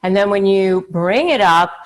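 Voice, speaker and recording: A woman's voice: medium pitch, unhurried. A woman hosting a talk video, explaining her topic in a conversational, emphatic way with frequent fillers and short acted-out quotes. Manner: acts out quoted pleading lines. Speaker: channel host. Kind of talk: direct-to-camera advice talk.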